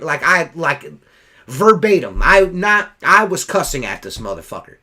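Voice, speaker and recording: A man's voice: fairly high pitch, very animated, moderate pace, bright, forceful tone. A middle-aged man who cleans windows, telling a heated, profane story in casual chat on a podcast.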